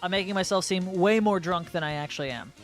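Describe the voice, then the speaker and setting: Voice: medium pitch, quick pace, faint music behind. A player describing their character's actions in a tabletop game, in a casual, rambling way with some swearing.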